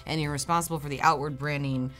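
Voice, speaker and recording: A woman's voice: low-pitched, steady tone, quick pace, fairly bright tone, faint music behind. A woman hosting an interview in a studio, upbeat and often murmuring agreement. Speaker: interview host. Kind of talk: casual interview.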